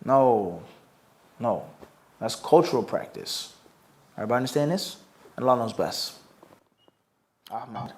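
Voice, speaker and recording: A man's voice: medium pitch, lively intonation, a little slow, long pauses. A man teaching Islamic topics in a live question-and-answer session. He asks rhetorical questions and mixes Arabic phrases into his English. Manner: rhetorical, quizzes listeners with "what?". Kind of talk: live Q&A lecture.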